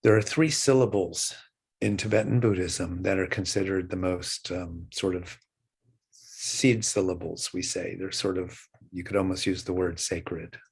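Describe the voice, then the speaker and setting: An older man in his sixties, a meditation teacher, guiding a breath meditation in a slow, calm and gentle way with long pauses. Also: low-pitched, creaky, breathy edge. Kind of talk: guided meditation.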